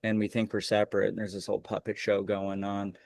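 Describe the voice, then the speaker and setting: A man on a video call offers an idea in a tentative, searching way. His voice is on the low side, and the sound is dry and close. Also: completely flat delivery, brisk, gravelly, a little mellow, no echo. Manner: tentative, sharing ideas aloud. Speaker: group participant. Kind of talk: casual spiritual discussion.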